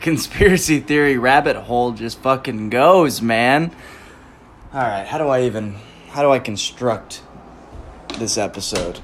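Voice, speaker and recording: A young man with a mid-pitched voice hosts a solo podcast rant. He rambles and swears freely, laughing often, and swings from loud outbursts to low mumbling. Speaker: podcast host.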